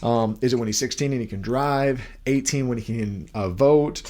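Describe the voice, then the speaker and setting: A man's voice: medium pitch, normal speed, darkish tone. A young man giving an earnest devotional talk as a podcast host, asking many questions while holding his baby at home.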